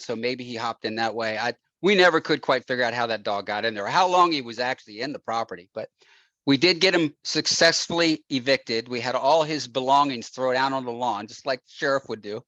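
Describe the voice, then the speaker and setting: A man, a real estate investor as guest, telling an animated anecdote with frequent laughs and acted-out quotes. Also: medium pitch, fairly quick, dry recording. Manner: laughs often, acts out quotes.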